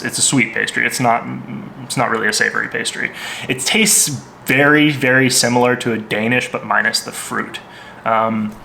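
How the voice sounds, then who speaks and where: A man's voice: medium pitch, gravelly, sharp tone, slight background noise. A man giving a casual vocabulary lesson, hesitant, with lots of ums and restarts. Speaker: language teacher.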